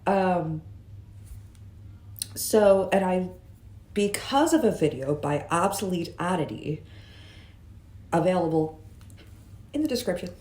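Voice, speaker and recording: A woman's voice: fairly low pitch, lively intonation, slow, pauses often, a little mellow. A woman vlogging in a chatty, musing way, with jokey asides, talking from her room. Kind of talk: casual vlog monologue. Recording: roomy echo.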